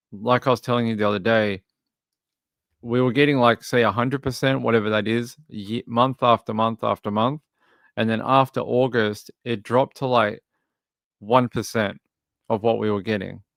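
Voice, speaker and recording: Reading case news aloud and then drifting into rambling chat with viewers, an Australian man runs a true crime livestream. His voice is lowish and creaky, a bit bright, with fairly even intonation at a moderate pace. There's no echo.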